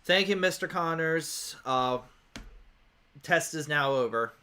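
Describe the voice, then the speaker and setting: A weary lab scientist with a fairly high voice, sighing through his words as if the work never ends, as a game master puts him on. He speaks in a dry, worn-out tone. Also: slow, pushed and bright.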